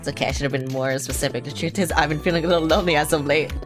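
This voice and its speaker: A lonely, awkward man calls a hotline and rambles sheepishly about his troubles, read aloud by a woman with a low voice. The lines come hesitant and a little fast. Faint game music sits underneath. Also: fairly even intonation, natural voice.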